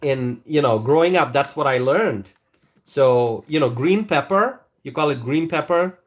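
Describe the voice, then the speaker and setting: A man with a slightly high, expressive voice keeps a measured pace while hosting a live stream. He reads viewer comments and chats casually, though his talk is rambling, hesitant, and full of restarts.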